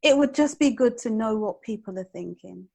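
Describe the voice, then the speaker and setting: A woman being interviewed, thoughtful and hesitant, often pausing to think before she answers. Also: a little high, lively intonation, creaky, darkish tone. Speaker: interview guest. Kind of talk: casual interview chat.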